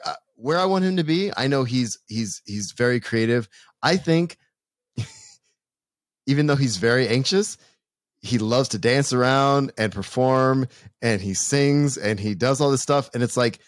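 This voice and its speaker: A man co-hosting a podcast, talking earnestly in a halting way with many restarts. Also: mid-range voice, no room sound, clean studio sound. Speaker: podcast co-host. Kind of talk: casual podcast chat.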